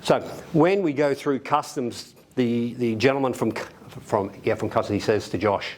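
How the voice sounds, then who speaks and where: A middle-aged Australian man telling a casual anecdote, animated and laughing as he acts out the people in his story. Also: mid-range voice, normal speed. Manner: animated, acts out quoted voices, laughs often. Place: library event room.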